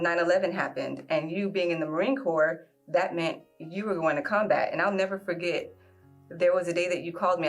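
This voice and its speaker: A woman in her forties telling a personal love story in a reflective way, often pausing with "um". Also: on the low side. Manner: reflective, fills pauses with "um". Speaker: guest sharing a love story.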